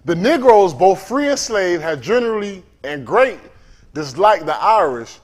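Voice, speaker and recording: Casting: animated male preacher, high and lively delivery, asks the room. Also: unhurried. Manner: animated, calls out to the congregation. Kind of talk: sermon.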